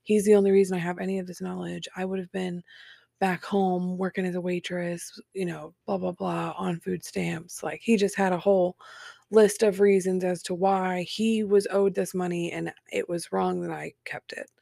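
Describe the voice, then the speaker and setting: Creaky-voiced woman telling her story. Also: on the low side, little pitch movement, normal speed, dry recording, studio quality. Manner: candid, matter-of-fact with dark humor. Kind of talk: personal storytelling, casual.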